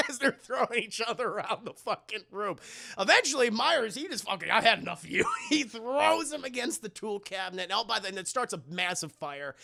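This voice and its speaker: High-voiced gravelly young man, profane. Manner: profane, animated, laughs often. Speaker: streamer. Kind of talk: comedic movie recap.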